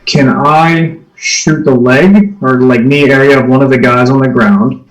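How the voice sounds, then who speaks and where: A man with a mid-pitched voice taking his turn in a tabletop game, recorded in a roomy space. He states his actions plainly and matter-of-factly. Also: unhurried, far from the mic. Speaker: player. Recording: roomy room.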